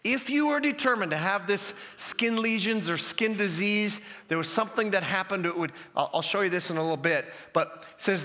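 A male pastor preaching a sermon, animated and emphatic, often repeating key phrases. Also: sits high, fairly quick, hardly any pauses, long reverb tail.

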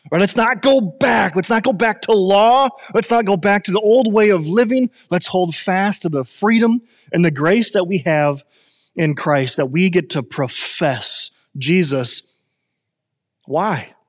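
A man in his thirties preaching a sermon, animated and conversational, often restarting and repeating his phrases. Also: sits high, unhurried, big-room sound. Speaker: pastor.

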